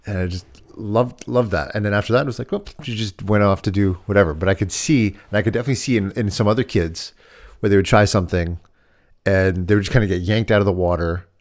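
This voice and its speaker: A man's voice: on the low side, fast talker. A man co-hosting a parenting podcast, telling a personal story in casual chat and acting out the dialogue. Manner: storytelling, acts out quoted dialogue. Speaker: podcast co-host.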